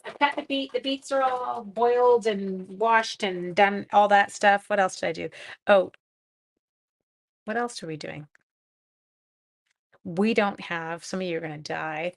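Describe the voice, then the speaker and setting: A middle-aged woman from Canada hosting a papercraft live stream, chatting casually and self-deprecatingly with viewers while she works. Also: fairly high pitch. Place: home craft room.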